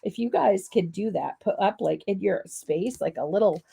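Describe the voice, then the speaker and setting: A woman's voice: mid-range voice, lively intonation, normal speed, creaky, warm tone, husky. A woman with a Canadian accent hosting a live crafting demo, rambling in a friendly way while she has a cold and a cough. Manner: rambling, friendly, lots of ums and asides. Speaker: crafting livestream host.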